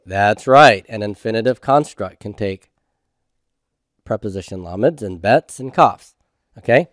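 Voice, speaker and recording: A man's voice: lowish voice, expressive, measured pace, no room sound, studio quality. A man teaching a homework review lecture, patiently asking questions and answering them himself. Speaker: Hebrew instructor.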